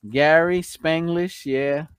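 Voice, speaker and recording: A man's voice: a little high, steady tone, slow, clear, resonant tone, no room sound, clean studio sound. A man with a New York accent hosting a casual live stream, chatting and reading out viewer comments.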